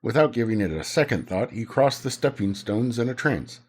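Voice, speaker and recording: A man's voice: medium pitch, animated, moderate pace. A man streaming a game, reading its manual story aloud with casual asides. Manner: casual asides between read passages.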